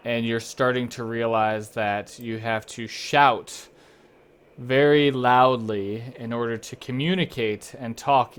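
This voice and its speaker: A man narrating a tabletop fantasy game as game master, in a relaxed and halting way with many fillers. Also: medium pitch, clear, resonant tone.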